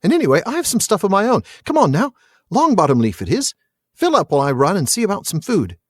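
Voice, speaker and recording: A man's voice: sits high, wildly swooping pitch, quick pace, dry recording, pitched above the performer's own voice, full character voice. Cheeky young hobbit guy ribbing his friend, man reading it out, bouncy voice, dead dry sound. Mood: teasing. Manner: playful, bantering. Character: cheerful teasing young male hobbit. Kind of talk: reading aloud from a novel.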